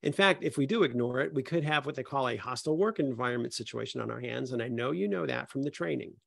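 Man, HR consultant, panel talk, gravelly, dry close sound, acts out dialogue. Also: medium pitch, fast talker, a bit bright, no room sound. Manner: storytelling, plays both sides of a conversation. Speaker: HR consultant and speaker.

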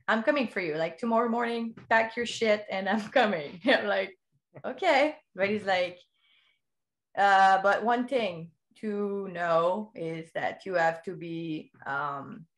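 A woman who is not a native English speaker, telling her story as a podcast guest in a candid way, swearing freely and laughing often. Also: medium pitch. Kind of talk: casual interview storytelling.

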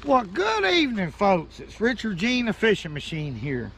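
A man's voice: high voice, wildly swooping pitch, fairly bright tone, slight background noise. A man hosting a casual fishing vlog outdoors by a creek, talking in a folksy way to his viewers. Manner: folksy, slow drawl, talks to viewers as folks. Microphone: chest-mounted camera.

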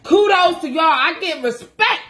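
A woman's voice: extremely high pitch, expressive, measured pace, a bit bright. A woman and mother chatting casually to camera from her home kitchen, joking and laughing through her words. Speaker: mother and vlogger.

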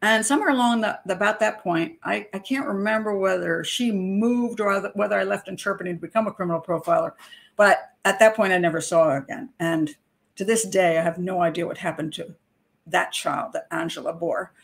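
A middle-aged woman speaks as a criminal profiler recounting a personal case. Her delivery is animated and indignant, punctuated by wry laughter as she makes her points. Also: medium pitch, a little fast, vocal fry. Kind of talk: personal storytelling commentary.

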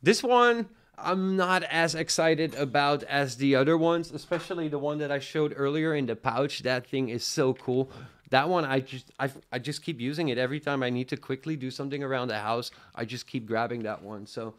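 A man's voice: medium pitch, normal speed. A young Dutch man with a faint Dutch accent, hosting a casual live product review and chatting with viewers, rambling with lots of fillers. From Netherlands. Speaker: tech livestream host.

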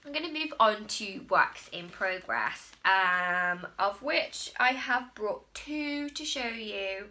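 A woman's voice: mid-range voice, lively intonation, takes it slowly, few pauses, pushed and bright. A woman in her late twenties hosting a podcast in casual, rambling chat, laughing at her own slips. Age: late 20s. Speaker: podcast host.

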